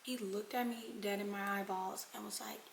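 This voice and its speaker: A young woman vlogger telling a casual storytime, animated and talking straight to her viewers, sometimes dropping into dramatic whispers. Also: mid-range voice, normal speed, creaky, slight background noise. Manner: addresses viewers as y'all.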